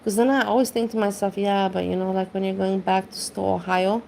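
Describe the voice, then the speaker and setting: A woman's voice: medium pitch, flat delivery, brisk, gravelly, darkish tone, slight background noise. A woman rants bluntly and casually, swearing freely and rambling as she goes. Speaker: commentary streamer. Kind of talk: casual rant.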